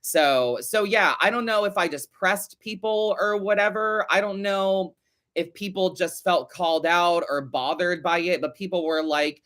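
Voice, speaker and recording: A young man talks through a casual podcast monologue, ranting with sarcasm and frequent swearing. His voice is bright and a little tense, sitting slightly high for a man. He sounds animated and exasperated throughout. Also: a little slow. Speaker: podcast host and tarot reader.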